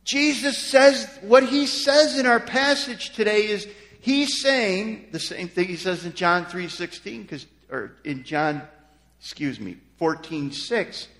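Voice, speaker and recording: A man with a high-pitched voice preaches a sermon to his congregation. His delivery is emphatic, dipping soft and low before climbing to loud, stressed declarations. The room has a long, ringing reverb. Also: takes it slowly. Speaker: pastor.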